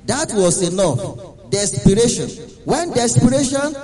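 A man's voice: extremely high pitch, expressive, a little slow, darkish tone, big-room sound, poor audio. A man preaching a dramatic sermon, sometimes drifting into a sung chant.

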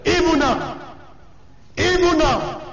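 A man preaching a sermon, shouting emphatically and often breaking into exclamations of praise. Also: very high voice, takes it slowly. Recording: echoey hall, dull lo-fi sound, congregation audible.

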